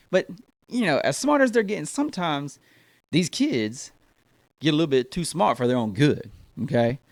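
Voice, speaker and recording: American guy doing stand-up, high voice that jumps all over, dry close sound, keeps going "man" and "right". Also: dry recording. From United States. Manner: animated, talks to the crowd, fills lines with man and right. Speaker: stand-up comedian. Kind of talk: stand-up comedy routine.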